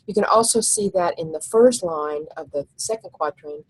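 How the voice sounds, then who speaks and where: A female teacher records a slide lecture, explaining step by step and thinking aloud, and slows down when reading lines of verse. Her voice is lowish, slightly rough and lively in intonation, and the recording quality is rough.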